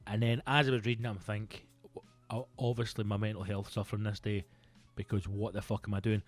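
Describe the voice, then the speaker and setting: A Scottish comedian in his thirties hosting a podcast, rambling through a casual comic monologue that is full of swearing and breaks into loud outbursts. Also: fairly low pitch, a little fast, faint music behind. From Scotland. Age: 30s. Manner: sweary, rambling, animated bursts into loud exclamations.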